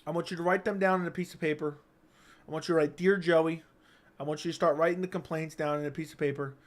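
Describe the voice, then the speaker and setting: A man's voice: on the high side, fairly even intonation, fast. A man hosting a livestream, reading chat and teasing viewers with crude jokes. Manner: crude, joking, teasing chatters. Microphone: studio dynamic mic.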